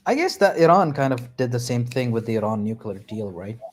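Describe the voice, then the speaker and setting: A man with a middle-pitched voice, co-hosting a podcast in loose chat over a call. He teases his partner and drops in quick playful remarks. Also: big pitch swings. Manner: teasing, playful, quick interjections. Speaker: podcast co-host. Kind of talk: casual chat. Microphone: computer mic on a call.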